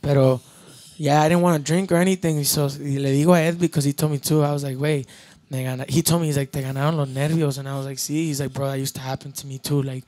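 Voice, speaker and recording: A man's voice: a little high, quick pace. A young man, telling a story in casual talk and switching between Spanish and English. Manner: mixes Spanish and English, relaxed and swearing. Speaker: podcast guest, band member.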